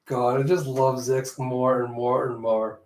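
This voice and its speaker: A man's voice: medium pitch, little pitch movement, measured pace, darkish tone. A man casually narrating a comic readthrough, in a chatty way full of "like" asides. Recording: roomy echo.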